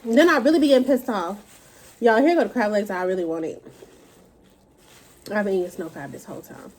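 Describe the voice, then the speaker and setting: A woman's voice: medium pitch, fairly quick, darkish tone, slight background noise. A woman vlogger talking while she eats, in a blunt, profane, casual rant. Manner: talks while eating.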